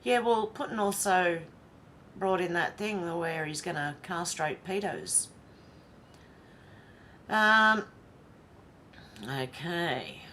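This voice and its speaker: A woman's voice: fairly low pitch, lively intonation, slow, pauses often, sharp tone, a little hiss or hum. An Australian woman vlogger reading social media posts aloud and commenting on them in a chatty, wry way. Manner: chatty and wry, with sighs and asides.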